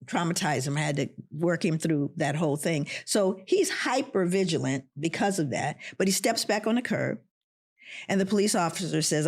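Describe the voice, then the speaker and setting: A middle-aged woman, an interview guest, telling a personal story in an animated way and voicing the people in it. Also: low-pitched, normal speed.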